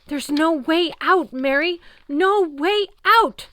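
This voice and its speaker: A woman's voice: extremely high pitch, fast, no echo, pitched above the performer's own voice. A woman voicing a frantic, haunted teenage boy who raves in a shrieking, breaking voice. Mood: terrified raving. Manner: panicked yelling.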